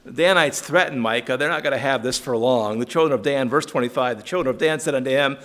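A man's voice: medium pitch, quick pace, few pauses, a bit bright. A man leading a conversational Bible study, paraphrasing verses in casual speech, chuckling and calling on listeners by name. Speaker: Bible teacher.

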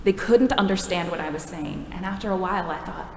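A woman's voice: fairly low pitch, brisk, vocal fry, few pauses, slight background noise. A woman preaching a sermon in a conversational, wry, self-deprecating way. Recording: echoey hall from a distance.

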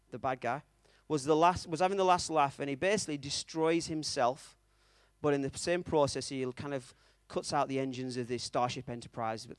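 A man's voice: mid-range voice, no room sound. A man preaching a conversational sermon, telling a story and checking in with his audience, with a self-mocking manner.

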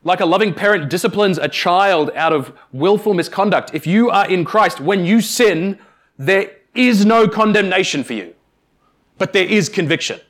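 A man preaching a sermon, speaking emphatically with deliberate pauses and addressing the congregation directly. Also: high-pitched, fairly bright tone. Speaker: pastor.

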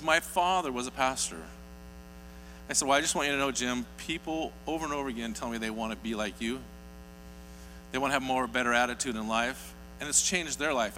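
A man's voice: medium pitch, pushed and bright. A man preaching a sermon, telling stories earnestly and building to emphatic peaks. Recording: hall reverb with faint mains hum.

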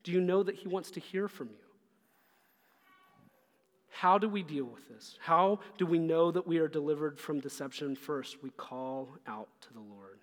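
A man with a notably high voice delivers an earnest sermon, pressing his listeners with question after question. His words ring out with a long reverb, as if spoken in a large church sanctuary. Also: normal speed. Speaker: pastor.

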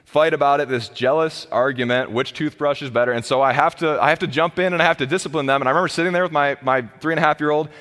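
A man in his thirties preaching a sermon as pastor, impassioned, rising to loud pleas and dropping to low, quiet emphasis. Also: quick pace, few pauses. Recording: long hall reverb.

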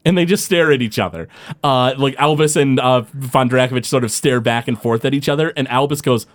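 A man's voice: mid-range voice, fairly quick, dry recording. A man running a tabletop game as game master, narrating loosely with many fillers and restarts. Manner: loose, full of fillers and restarts, laughs often.

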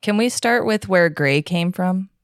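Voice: mid-range voice, lively intonation, measured pace, no echo, clean studio sound. A podcast host chatting casually and tossing in wry, offhand remarks. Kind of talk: casual chat.

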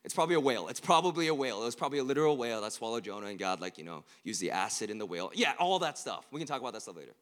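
Lively young man preaching to students. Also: medium pitch, racing, few pauses. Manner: casual and joking, with sudden loud emphatic bursts and hushed earnest lines. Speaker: campus ministry speaker. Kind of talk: sermon to college students.

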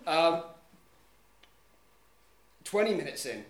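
Animated man telling a story. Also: fairly high pitch, slow pace, a loud crowd. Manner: animated, acts out scenes with sound effects. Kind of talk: live storytelling. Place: live event venue. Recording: echoey venue with background noise.

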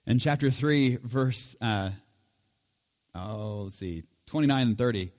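A man's voice: medium pitch, measured pace, darkish tone. A middle-aged man giving an informal Bible teaching in a conversational way, with chuckles and fillers.

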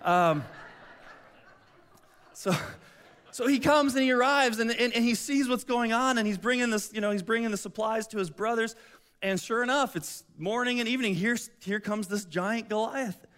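A middle-aged man preaching a lively storytelling sermon with a high voice. He keeps restarting phrases and acts out the characters as he goes. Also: normal speed. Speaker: pastor.

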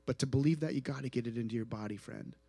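A man preaching a sermon at an outdoor tent gathering, earnest, moving between soft hushed passages and rising emphatic ones. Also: medium pitch, fast talker, gravelly, husky, no room sound. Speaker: pastor.

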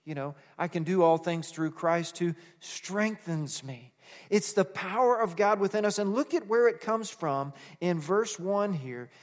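Higher-voiced preacher in a reverberant hall. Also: male voice. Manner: preaching with rising emphatic bursts and call-and-response. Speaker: pastor. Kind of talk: sermon. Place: church sanctuary. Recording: long reverb of a large hall.

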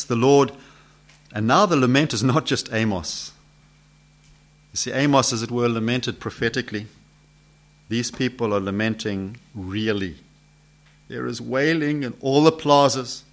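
A man preaching an expository sermon, posing rhetorical questions to his listeners and swinging from loud emphasis to hushed questions. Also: mid-range voice.

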